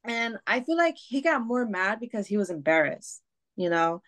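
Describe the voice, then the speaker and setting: A woman's voice: a little high, very animated, normal speed, a bit bright. A woman guest on a podcast, telling a personal story candidly, with swearing, fillers and restarts. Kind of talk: casual storytelling.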